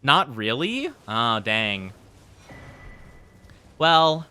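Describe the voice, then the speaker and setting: A man's voice: medium pitch, big pitch swings, drawn-out words, bright, forceful tone, clear, resonant tone. A man streaming a video game, chatting playfully with his viewers in a casual commentary style and laughing often. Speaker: VTuber streamer. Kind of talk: casual gaming commentary to chat.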